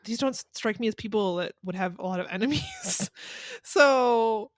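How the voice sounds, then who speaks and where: A woman's voice: fairly high pitch, big pitch swings, normal speed, no room sound. Female podcast co-host, casual recap voice, laughs easily, dry booth sound. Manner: laughs often, hedging asides. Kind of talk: casual chat recapping a mystery.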